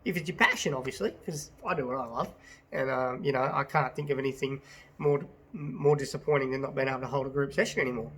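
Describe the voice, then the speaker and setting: A man's voice: medium pitch, steady tone, quick pace, a bit bright, a little hiss or hum. An Australian man, a business owner, ranting to his phone camera in a passionate, blunt way, swearing and repeating himself. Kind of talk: casual to-camera rant.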